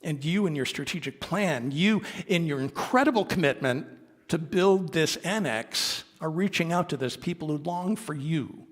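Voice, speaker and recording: A man's voice: on the high side, lively intonation, moderate pace. A man giving a sermon as a minister, speaking earnestly and conversationally with small asides. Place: sanctuary of a congregation. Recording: long reverb of a worship hall.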